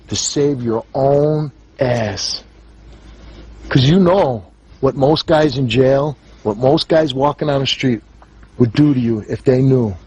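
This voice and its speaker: A man's voice: mid-range voice, darkish tone, husky, rough recording. A man hosting a talk show, confronting guests in a blunt, angry and accusing way.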